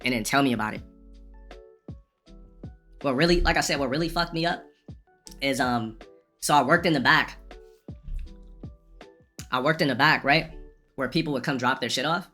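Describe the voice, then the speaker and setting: A man's voice: medium pitch, moderate pace, pauses often, bright, forceful tone, faint music behind. A man rambling through a profane, casual story as a streamer, with frequent restarts.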